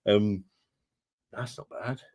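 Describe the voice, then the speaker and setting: A man's voice: lowish voice, takes it slowly, a little mellow, no echo. A man from London with a London accent, hosting a beer livestream and bantering casually with viewers in laid-back, sweary chat. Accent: London English. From London, England. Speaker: host of a beer review livestream.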